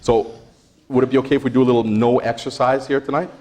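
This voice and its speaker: A man presenting an interactive workshop, energetic, quizzing the audience and laughing often. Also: medium pitch, quick pace. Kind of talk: interactive stress-management workshop.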